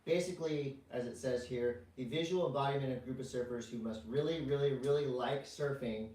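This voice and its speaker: A man co-hosting a podcast in casual chat, rambling with jokey deadpan asides. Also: medium pitch, fairly quick, roomy sound, recorded from a distance, low-quality recording. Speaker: podcast co-host.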